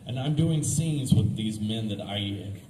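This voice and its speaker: A man's voice: fairly low pitch, expressive, normal speed, dark tone, distant mic. A male actor telling anecdotes on a fan convention panel, chatty and self-deprecating, often restarting his sentences. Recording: echoey panel room with background noise.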